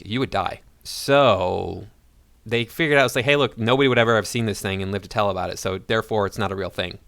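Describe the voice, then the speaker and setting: A man's voice: lowish voice, fairly bright tone, dry recording. A man giving sarcastic, indignant reaction commentary on a video clip. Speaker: YouTube commentator.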